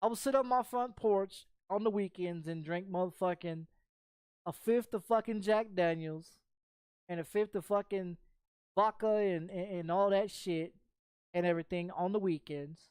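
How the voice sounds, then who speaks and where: A man's voice: high-pitched, a little mellow, clear, resonant tone, no room sound, clean studio sound. A man telling a personal story in casual chat while streaming a game, profane and rambling with frequent repeats.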